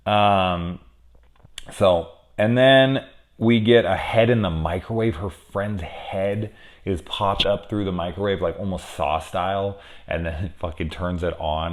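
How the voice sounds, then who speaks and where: A man giving a casual, rambling spoiler review of a horror movie, swearing freely and enthusing with lots of fillers. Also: low voice.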